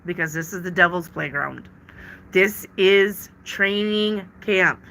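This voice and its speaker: Speaking slowly with vocal fry, a woman whose voice is lowish and a bit bright reads tarot for a live-stream audience. She reads their questions out and answers in casual chat, repeating words emphatically.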